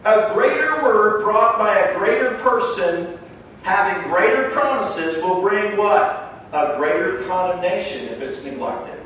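A man's voice: high voice, lively intonation, measured pace, fairly bright tone, slight background noise. A man preaching a sermon in a church, emphatic and conversational. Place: church sanctuary. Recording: echoey room heard from a distance.

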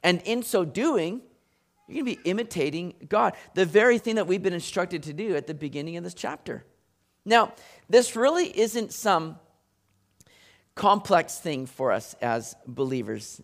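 A man preaching a sermon in an animated, conversational way, sometimes acting out voices. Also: sits high. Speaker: pastor.

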